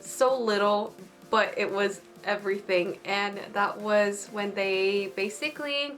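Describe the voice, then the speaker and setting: A woman's voice: mid-range voice, takes it slowly, a bit bright, soft background music. A woman chatting casually as an anime reviewer, bubbly and gushing, full of filler words. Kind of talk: casual chat.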